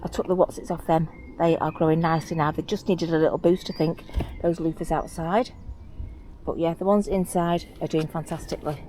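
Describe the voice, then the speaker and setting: A woman, chatting casually and excitedly to camera while showing her allotment garden. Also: low voice, fairly quick, slight background noise. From England. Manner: chatty, rambling, excitable about plants. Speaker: allotment vlogger. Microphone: clip-on mic.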